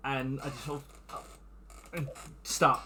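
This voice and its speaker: A man's voice: mid-range voice, steady tone, takes it slowly, pushed and bright, a little hiss or hum. A man playing a tabletop game, mumbling and stammering through his action. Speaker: player. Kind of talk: tabletop role-play.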